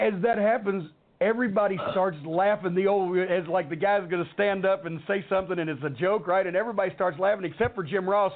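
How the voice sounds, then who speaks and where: A middle-aged man hosts a rant show, spinning a heated, profanity-laced story. His voice sits high for a man. The sound is thin and tinny, like a phone line. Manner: heated, swearing, animated. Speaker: podcast host.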